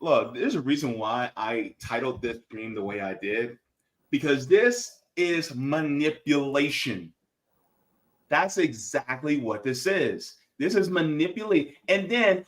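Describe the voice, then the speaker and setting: Slow, sarcastic man hosting a stream. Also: mid-range voice, expressive. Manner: sarcastic, laughing asides. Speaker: host. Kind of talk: casual political commentary.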